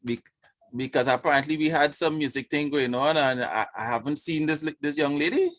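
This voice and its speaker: A man's voice: on the high side, fairly quick, fairly bright tone. A man speaking in a church forum over a video call, hesitant and full of fillers as he makes his points. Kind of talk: discussion contribution.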